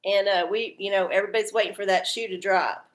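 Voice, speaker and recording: A woman's voice: mid-range voice, steady tone, fast. A woman hosting a casual live stream, chatty and folksy, swearing freely as she reads oracles. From Texas.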